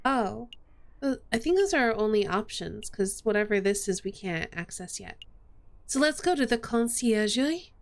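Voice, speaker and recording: Giggly, animated woman streamer. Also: mid-range voice, moderate pace, vocal fry. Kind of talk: casual game commentary.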